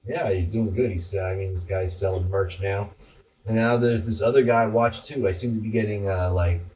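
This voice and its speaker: A man's voice: on the low side, fairly even intonation, normal speed, darkish tone, distant mic, slight background noise. A man co-hosting a casual podcast, telling rambling stories with some profanity. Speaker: podcast co-host. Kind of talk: casual chat.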